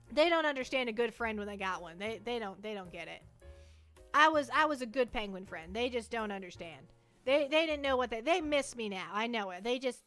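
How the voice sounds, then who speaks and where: A woman's voice: on the high side, a bit bright. A young woman chatting casually on a livestream, rambling playfully and restarting her sentences.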